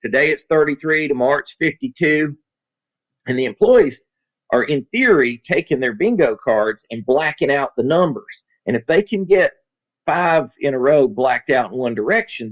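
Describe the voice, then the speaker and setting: Man, folksy storyteller, animated, conversational interview. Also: medium pitch, moderate pace, rough recording. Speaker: safety consultant and author.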